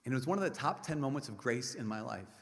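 A middle-aged male priest preaching in a big hall, his voice carrying a long reverb tail. He tells stories with animation, acting out voices, and drops from loud exclamations to quiet, hushed moments. His pitch sits in a middle range. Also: lively intonation, fast, vocal fry. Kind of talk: sermon.

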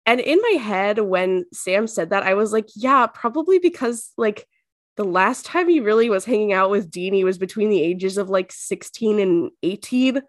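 A woman co-hosting a podcast, recapping an episode in casual chat full of fillers and quick bursts. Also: mid-range voice, fairly bright tone, dry recording, clean studio sound. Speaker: podcast co-host.

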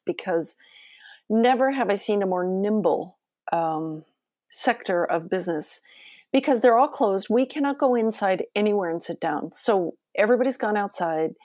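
A woman's voice: mid-range voice, a little mellow, no echo, clean studio sound. A woman talking as a podcast guest, chatty and effusive, with many fillers. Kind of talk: casual conversation.

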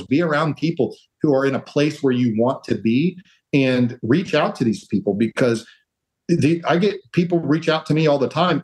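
A man's voice: medium pitch, a little mellow, poor audio. Guy on a podcast giving advice, earnest, rambles and restarts a lot, does little voices when quoting people. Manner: acts out quoted voices of others. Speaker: podcast guest, real estate entrepreneur. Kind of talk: casual interview talk.

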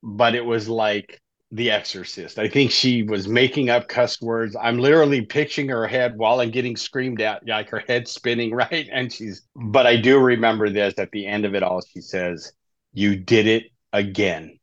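Speaking at a moderate pace with a medium-pitched, steady tone, this middle-aged man is a life coach in recovery guesting on a podcast. He shares his story in a relaxed, chatty way, frequently closing sentences with "right?", and the audio is muffled.

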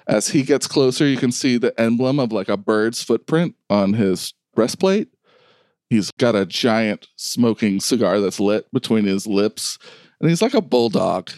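A man's voice: lowish voice, a little mellow, no echo. A man narrating a tabletop game as game master in a loose, casual way.

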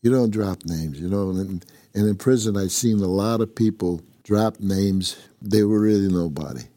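A man's voice: sits low, moderate pace, dark tone, no echo, clean studio sound. An older man from upstate New York, a former prison inmate telling his story in a blunt, rambling, constantly swearing way. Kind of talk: casual profane storytelling.

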